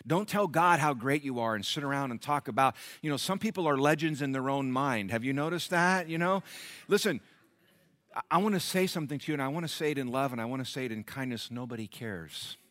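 A middle-aged man preaching a sermon to a congregation, animated, often jumping into loud acted-out voices. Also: medium pitch, brisk, no echo. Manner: animated, acts out bragging characters loudly. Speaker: pastor.

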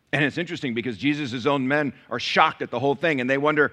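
Bright-voiced preaching man. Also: mid-range voice, fast talker, hardly any pauses. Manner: swings from hushed scripture reading and prayer to loud emphatic preaching; asks the audience questions and jokes with them. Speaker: pastor. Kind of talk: sermon.

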